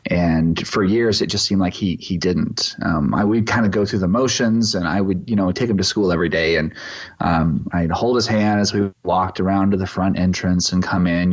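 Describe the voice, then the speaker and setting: A middle-aged man from East Texas, a pastor, telling a personal story in an interview with halting, reflective pauses and restarts. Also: deep voice. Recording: slightly muffled lo-fi audio.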